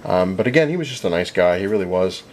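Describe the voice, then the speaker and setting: A man's voice: low voice, expressive, fast talker, a little hiss or hum. A young man chatting casually as a vlogger, rambling with lots of fillers and retelling conversations. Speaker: vlogger recapping a comic convention. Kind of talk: casual chat.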